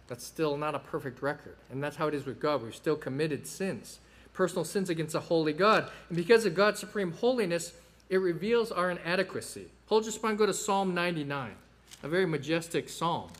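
A man's voice: on the high side, expressive, a little fast. A man preaching a sermon in a conversational way, with many fillers and occasional rises in emphasis.

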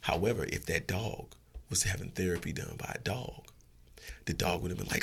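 A man giving blunt, profane, animated opinions as a guest in a casual podcast chat. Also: low-pitched, fast talker, gravelly, slightly rough.

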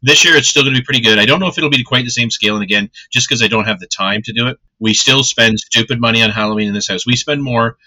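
A man co-hosting a podcast in casual chat, cracking deadpan one-liners. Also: mid-range voice, quick pace, few pauses. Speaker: podcast co-host.

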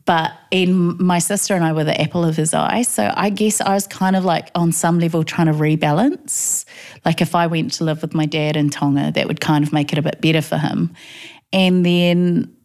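A deep-voiced, middle-aged woman with a New Zealand accent talks at normal speed in a casual interview. Candid and animated, she recounts personal stories, acts out what people said, and frequently laughs.

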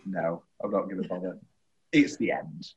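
A young man hosting a casual film chat, rambling and halting, laughing often. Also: low-pitched, vocal fry, slightly rough, highs cut off. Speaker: podcast host.

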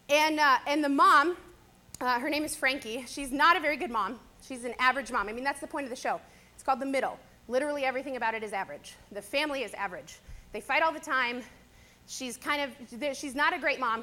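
A young adult woman, a teacher, giving a personal sermon-style talk to a church audience in a chatty, animated storytelling way. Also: high voice.

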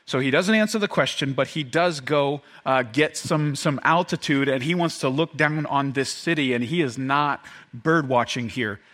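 A man preaching a sermon to his congregation, animated and joking, often acting out the voices of the people in the story. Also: medium pitch, normal speed, few pauses. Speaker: pastor.

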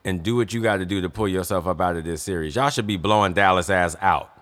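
Young male co-host, deep low voice, pushy and emphatic in debate. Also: fast, a bit bright. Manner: emphatic, insistent, repeats points. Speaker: podcast co-host, son. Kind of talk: casual sports debate.

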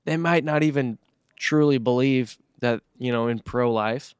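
A man's voice: mid-range voice, measured pace, smooth, dry recording, studio quality. A man talking bluntly in a casual podcast chat, full of "like" and "dude". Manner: blunt, swears, says "like" and "dude" a lot. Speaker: podcast co-host.

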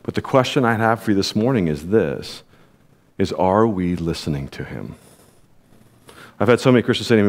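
A man's voice: fairly low pitch, expressive, normal speed, pauses often. A male pastor delivering a sermon in a conversational style, speaking directly to the congregation. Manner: conversational preaching with direct appeals and quoted voices.

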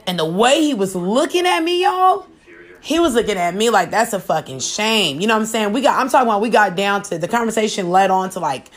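A woman's voice: medium pitch, expressive, quick pace. A young adult woman talking frankly and expressively to her viewers in a casual monologue, full of slang. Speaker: vlogger. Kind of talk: candid casual monologue to camera.

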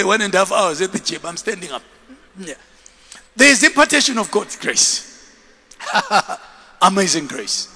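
Man, preacher, high voice, bright forceful tone, animated and shouting, long church-hall reverb. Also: vocal fry. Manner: animated, shouting, with bursts of laughter; calls for congregation repeat-after-me. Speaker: bishop, preacher. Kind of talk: sermon.

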